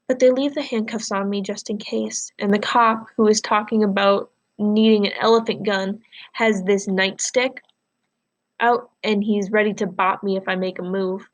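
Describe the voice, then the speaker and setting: A woman teacher reading a novel aloud to her class, pausing to explain words and ask questions. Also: mid-range voice.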